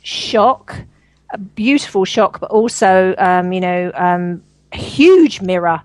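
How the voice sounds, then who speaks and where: A woman's voice: medium pitch, animated, takes it slowly, no echo, poor audio. A woman guest on a spiritual talk show, speaking earnestly and at length with frequent fillers and laughs. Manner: earnest, rambling, laughs often. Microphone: radio show line.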